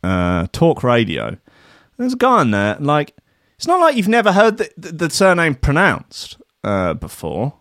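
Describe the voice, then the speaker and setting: A man's voice: a little high, wildly swooping pitch, measured pace, a bit bright, no room sound, studio quality. A man, working as a radio DJ, chatting casually and ranting sarcastically between records with plenty of swearing.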